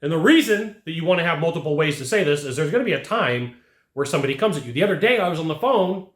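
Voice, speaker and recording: This sales trainer's voice is on the high side, expressive and a bit bright, and he speaks fast. Addressing the camera directly in an echoey room, he teaches sales emphatically, repeating phrases for emphasis.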